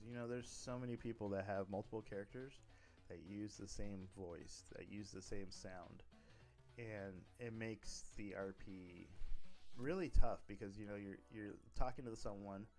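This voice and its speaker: A man talks casually on stream about running a role-play server, his voice fairly low in pitch and a little mellow. He rambles, frequently starting over and correcting himself.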